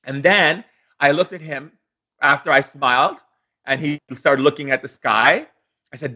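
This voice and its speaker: A man giving a daily spiritual lesson as a shaman, speaking theatrically with slow pauses and acted-out dialogues. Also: on the high side, bright, forceful tone, highs cut off.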